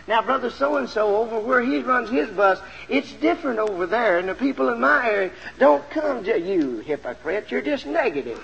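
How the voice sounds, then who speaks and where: A man's voice: high voice, lively intonation, fairly quick, creaky, pushed and bright, long reverb tail, poor audio. A man preaching a sermon, telling a story with lots of animation and then urging his listeners on, in a 1970s LP recording made in a church auditorium with a pulpit mic.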